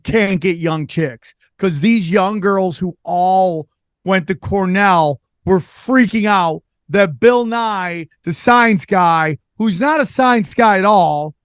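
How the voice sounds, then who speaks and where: Podcast host, male, high voice, dry close sound, lively storyteller who acts out quotes. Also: slow, clear, resonant tone, dry recording. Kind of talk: casual storytelling chat.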